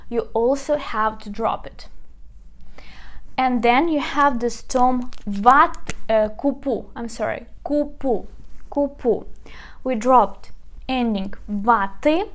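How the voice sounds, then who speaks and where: A woman whose first language is Ukrainian, teaching a lesson in English and slowly repeating each example word. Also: fairly high pitch, a bit bright. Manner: slow, patient, repeats example words.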